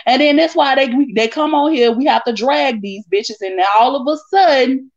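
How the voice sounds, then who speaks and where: A woman's voice: moderate pace, few pauses. A woman on a livestream panel, talking in an exasperated, profane way. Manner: exasperated, profane, rising to high outbursts. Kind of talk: livestream commentary. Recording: dull lo-fi audio.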